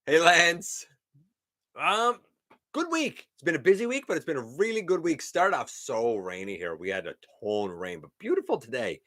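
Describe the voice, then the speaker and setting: A man's voice: a little high, expressive, normal speed, pushed and bright. A middle-aged man hosting a live stream, chatting casually and greeting viewers by name. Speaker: host of a live toy-collecting show.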